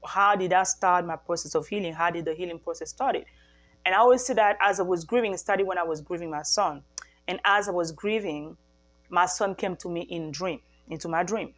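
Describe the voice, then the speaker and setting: A woman's voice: on the low side, a bit bright. A woman speaking to camera in an earnest personal testimony as a mother, repeating her phrases for emphasis and often restarting her sentences. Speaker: mother sharing a faith-based healing message.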